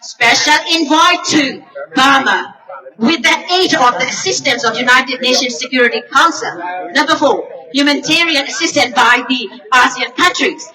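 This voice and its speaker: A woman's voice: sits high, moderate pace, crowd noise. Impassioned woman. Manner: emphatic, repetitive, emotional. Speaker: rally speaker. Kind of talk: impassioned protest speech. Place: outdoor rally. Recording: distant outdoor rally recording.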